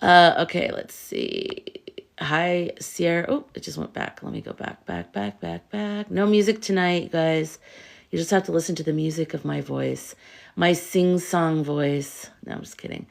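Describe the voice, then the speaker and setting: A woman with a fairly low voice hosts a casual live stream as a tarot reader. She talks in an animated way and keeps asking her viewers rhetorical questions. Between points she reads and answers their comments. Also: moderate pace, vocal fry. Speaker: tarot reader and livestream host.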